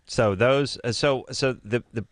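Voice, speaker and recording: A man's voice: medium pitch, measured pace, no echo, clean studio sound. A man co-hosting a late-night call-in radio show, riffing sarcastically. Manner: sarcastic, riffing comic delivery. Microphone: studio broadcast microphone.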